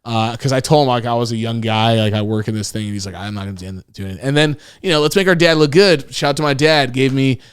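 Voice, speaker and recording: A man's voice: mid-range voice, fast talker, hardly any pauses, clean tone, no echo, studio quality. A man co-hosting a podcast, telling stories casually with lots of swearing and acted-out quotes. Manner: profane, animated retelling with acted-out quotes. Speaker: podcast co-host. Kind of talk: casual storytelling chat.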